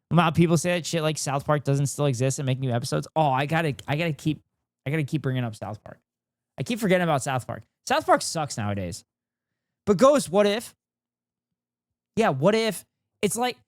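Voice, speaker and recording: A man's voice: fairly high pitch, a little mellow, no room sound, clean studio sound. Profane ranting male streamer. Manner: profane, ranting, sarcastic, swears a lot. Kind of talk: casual stream chat, reacting and reading chat.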